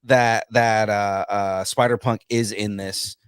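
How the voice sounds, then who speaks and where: A man co-hosting a casual pop-culture podcast, excitedly talking through a movie trailer with his co-host. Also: fairly low pitch, slow pace, smooth, no room sound, clean studio sound. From grew up Latino in the US. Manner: excited, hypes reactions.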